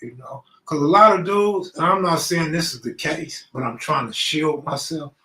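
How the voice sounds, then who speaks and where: A man's voice: a little high, normal speed, bright, forceful tone, echoey room, poor audio. A man from Los Angeles hosting a casual live stream, greeting viewers by name and talking in loose street slang. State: out of breath. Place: room at home, alone.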